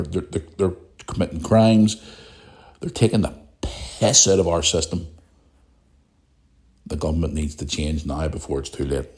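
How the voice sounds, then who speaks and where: A man's voice: sits low, a little mellow. A Northern Irish man in his thirties hosting a solo podcast, speaking bluntly, swearing and repeating himself, with a sore throat. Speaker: podcast host. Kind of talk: solo podcast rant and listener questions.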